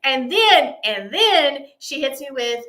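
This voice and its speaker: A woman hosting a live stream, telling a story in a casual, animated, self-mocking way and acting out both sides of the conversation. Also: high voice, takes it slowly.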